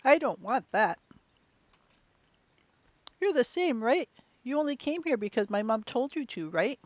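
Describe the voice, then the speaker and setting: A woman reading the lines of a shy, lonely little boy who hides in his room, quiet and plaintive. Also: on the high side, very animated, a little slow, no echo, dull audio. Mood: sad.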